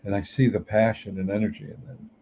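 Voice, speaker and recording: A man's voice: fairly low pitch, flat delivery, quick pace, mellow, a little hiss or hum. A man giving a conversational motivational talk as a spiritual teacher and coach, asking many rhetorical questions. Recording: muffled lo-fi recording.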